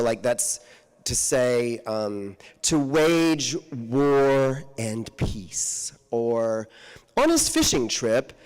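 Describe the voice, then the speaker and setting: Man, fairly high voice, swooping pitch, slow delivery, storytelling, laughs often, acts out quotes, handheld mic. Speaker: guest author speaker. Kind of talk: storytelling talk to an audience. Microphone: handheld microphone.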